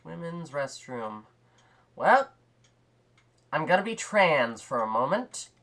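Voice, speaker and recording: A young man with a high, nasal, nerdy voice giving rambly, jokey let's-play commentary on a game. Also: sing-song, slow pace, fairly bright tone, a little hiss or hum. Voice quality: high nasal nerdy voice, compared to a cartoon sponge. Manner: rambly, jokey, self-deprecating. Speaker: gaming commentator.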